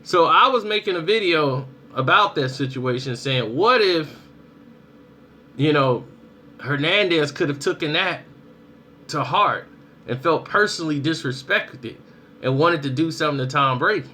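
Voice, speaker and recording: A young adult man giving casual spoken commentary on his channel, telling stories in a lively way and acting out people's reactions. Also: on the high side, a little slow. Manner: animated storytelling, acts out reactions. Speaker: vlogger.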